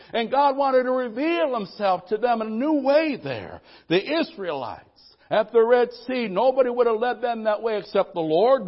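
A man preaching a sermon as pastor, calling for amens from the congregation and swinging from loud declarations to soft, low asides. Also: highs cut off. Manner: preaching with call-and-response amens, voices people's worries.

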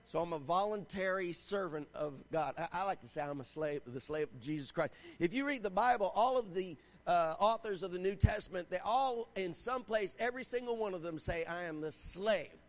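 A man preaching a sermon, his voice pitched high for a man. He reads scripture aloud and exhorts the congregation with growing fervor, often asking for an "Amen.". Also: animated, brisk, few pauses. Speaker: pastor.

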